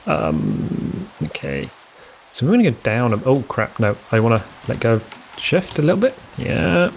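A man's voice: mid-range voice, wildly swooping pitch, normal speed, gravelly, a little hiss or hum, low-quality recording. Man thinking aloud over a game. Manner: thinks aloud, counts under his breath, self-mocking asides. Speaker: let's play host. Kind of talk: casual gameplay commentary.

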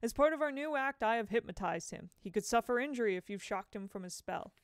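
A woman's voice: on the high side, animated, fairly quick, clear, resonant tone, no room sound. A woman reading aloud voices a sinister, commanding male carnival master in a storybook, with an emphatic, declaiming delivery.

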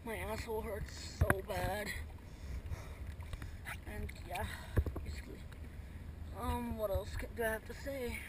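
A man mocks his friends with a steady stream of swearing and deadpan insults. He drawls at a slow, unhurried pace. His voice sits in a middling register and comes from some distance off a camera mic, with loud boat engine noise behind it. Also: sits high. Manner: crude, swearing, teasing. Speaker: vlogger filming friends. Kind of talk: casual joking commentary. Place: outdoors by water.

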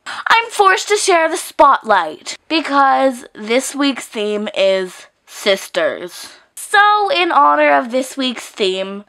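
Young woman vlog host, bright, lively high voice, bubbly and teasing, slow easy delivery. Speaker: channel host. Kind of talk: playful sibling challenge vlog.

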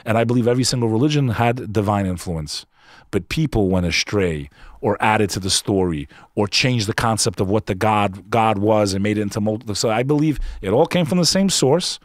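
A man's voice: on the low side, expressive, fairly quick, no room sound, studio quality. A man guest on a podcast, telling a personal story in an emphatic, earnest, casual way, often saying "bro". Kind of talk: candid conversational storytelling.

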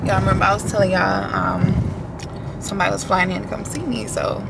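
Young woman vlogging in her car, kinda gravelly voice, lots of road noise behind her, chatty and a bit nervous. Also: mid-range voice, little pitch movement, fairly quick. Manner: chatty, nervous, laughing asides. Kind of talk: casual car vlog chat. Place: in a car in city traffic. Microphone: camera on a car tripod.

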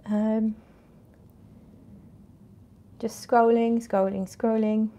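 A woman's voice: fairly high pitch, flat delivery, very slow, mellow. A woman in her forties hosting a casual fragrance livestream, reading viewer comments and chatting in a bubbly, rambling way. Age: 40s. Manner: chatty, bubbly, with frequent restarts and laughs. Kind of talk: casual live-stream chat reading comments.

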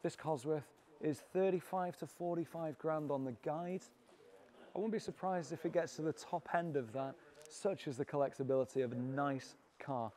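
Excitable British car vlogger, higher voice. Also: male voice, normal speed. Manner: enthusiastic, cheeky and jokey. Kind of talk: walkaround presenting. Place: classic car auction.

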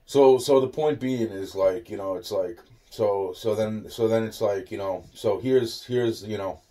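Rambling, cursing man with a low, dark voice. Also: measured pace. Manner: profane, repetitive, full of fillers and restarts. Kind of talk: rambling personal rant. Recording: voice a bit far from the mic.

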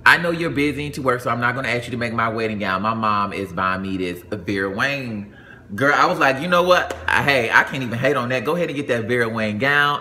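A young adult man from Atlanta telling a personal story in a casual, animated way, jumping into high voices for the people he quotes. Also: slight background noise.

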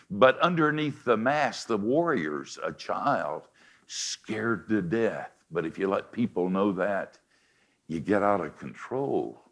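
This confessional sermon comes from an older, deep-voiced man who alternates between hushed delivery and forceful declarations.

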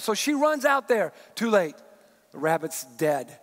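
A male pastor preaching a sermon, telling stories in an animated way and acting out the people in them. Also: high voice, normal speed. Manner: animated storyteller, acts out the people in his stories. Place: church sanctuary. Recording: long reverb of a church hall.

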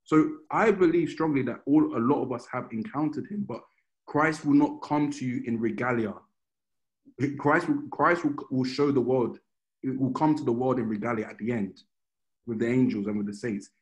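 Man preaching in a relaxed, chatty way. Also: medium pitch, moderate pace, poor audio. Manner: informal, storytelling, often restarts phrases. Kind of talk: conversational sermon.

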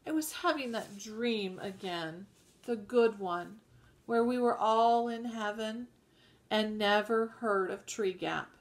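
Melancholy old farmer, sighing and grumbling, as a woman reader voices him, slow delivery. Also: mid-range voice. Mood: weary. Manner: tired, grumbling. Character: weary melancholy older farmer husband. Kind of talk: audiobook reading.

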